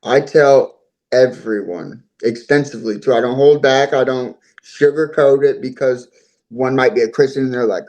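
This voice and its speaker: A man's voice: mid-range voice, moderate pace, a little mellow, poor audio. A man being interviewed, telling his own story in an earnest, talkative way and repeating himself often. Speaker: interview guest.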